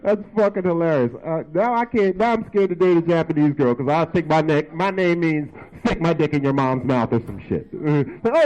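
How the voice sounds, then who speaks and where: Male emcee, high and very animated voice, rowdy and profane crowd hype. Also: fairly quick, hardly any pauses, low-quality recording. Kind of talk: club emcee banter. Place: comedy bar stage.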